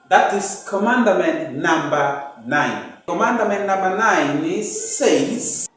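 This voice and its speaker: A male teacher with an East African English accent slowly works through a phonics lesson, repeating each word and sounding out its syllables. His voice sits fairly high and the pace is unhurried. He is recorded from a distance in a strongly echoing room. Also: lively intonation, fairly bright tone. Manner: repeats words and rules patiently, sounding out syllables. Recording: echoey room, mic at a distance.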